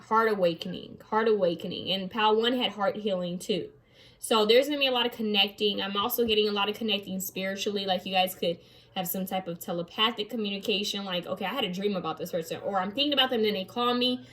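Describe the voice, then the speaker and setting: A young woman giving a casual tarot card reading, chatty, repeating key phrases and reading card text aloud slowly. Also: mid-range voice.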